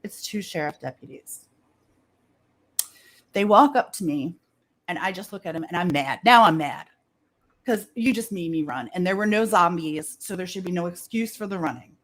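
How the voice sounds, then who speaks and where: Animated woman telling a story. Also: on the low side, normal speed. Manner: animated storyteller who acts out dialogue and laughs often. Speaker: podcast co-host telling a story. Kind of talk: casual chat.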